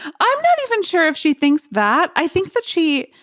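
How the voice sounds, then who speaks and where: A woman's voice: very high-pitched, sing-song, moderate pace, a bit bright, no echo, studio quality. A woman co-hosting a podcast, chatting casually about a film, laughing easily and adding sympathetic asides. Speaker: podcast co-host.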